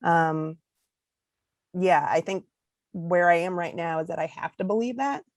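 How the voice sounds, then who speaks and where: A woman book artist speaking on a panel, earnest and halting, losing her voice and clearing her throat. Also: on the low side, no echo, studio quality. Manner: earnest, repeats herself with "um"s. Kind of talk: panel discussion.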